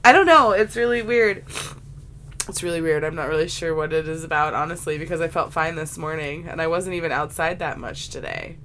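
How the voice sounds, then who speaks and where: A woman's voice: deep voice, fairly quick, slight background noise. A woman co-hosting a podcast in casual, chatty conversation, her nose stuffed up from allergies. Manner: chatty, animated, self-mocking. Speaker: podcast co-host. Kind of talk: casual chat.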